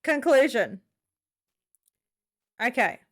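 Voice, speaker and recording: A woman's voice: on the high side, sing-song, extremely slow. A woman with an Australian accent hosting a reaction video, chatting casually and informally straight to her viewers.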